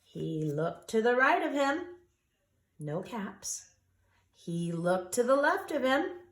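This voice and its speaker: Slow storytime lady reading to little kids, lively sing-song pitch, echoey room. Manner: expressive, drawn-out, asks listeners to join in. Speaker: storyteller for a preschool. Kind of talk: children's story read-aloud.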